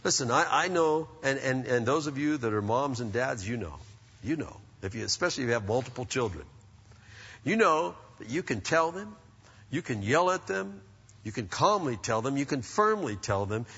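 A middle-aged male pastor delivers a sermon in an animated, conversational manner, tossing rhetorical questions at the congregation. His voice is bright with a husky edge. The sound is dull and carries a long reverb, like a church hall. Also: medium pitch, normal speed.

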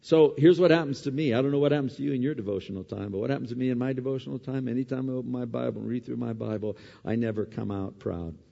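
A male pastor preaching a conversational sermon, swinging from emphatic peaks to soft, quiet asides. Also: mid-range voice, fast talker, vocal fry, hardly any pauses. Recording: dull lo-fi sound with long hall reverb.

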